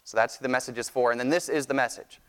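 A man preaching a sermon, teaching in a measured, earnest way that often restarts phrases. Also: mid-range voice, steady tone, fairly bright tone, smooth. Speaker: pastor. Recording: long hall reverb.

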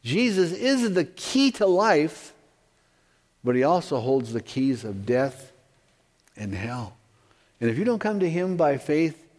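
A man's voice: mid-range voice, a little mellow. A middle-aged man preaching a sermon as a pastor, earnest and conversational, with casual asides to the congregation. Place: church sanctuary. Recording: long hall reverb.

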